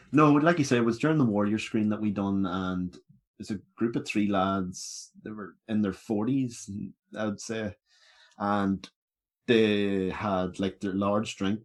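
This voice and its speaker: A Northern Irish man co-hosts a film podcast in easy chat and tells his stories bluntly, swearing now and then. His voice sits a little low. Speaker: podcast co-host. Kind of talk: casual chat.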